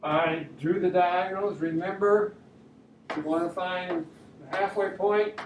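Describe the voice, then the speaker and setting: A man's voice: high-pitched, fairly even intonation, measured pace. A man teaching a drawing lesson, thinking aloud step by step as he draws. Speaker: art teacher. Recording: roomy echo, mic at a distance, faint room noise.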